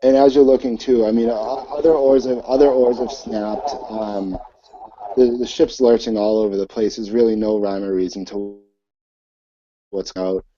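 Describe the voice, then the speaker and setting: A man narrating a tabletop game as game master, halting and full of fillers. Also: on the low side, steady tone, warm tone. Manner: hesitant, many fillers. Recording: dull lo-fi recording.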